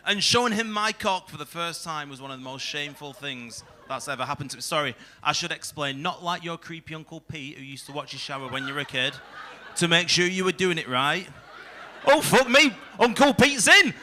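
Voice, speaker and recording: High, bright crude stand-up comic man. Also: a little hiss or hum. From England. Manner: crude, self-mocking, heckling the crowd. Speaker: stand-up comedian. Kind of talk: stand-up set. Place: comedy club stage.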